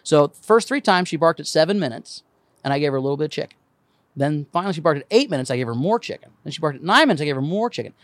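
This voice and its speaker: A fast-talking man from Indiana tells a comedy story at a lively clip, his voice swinging up and down as he acts out the people in it. The sound is dry and close, with almost no room in it, and he swears freely. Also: on the high side, no echo. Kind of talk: casual podcast storytelling.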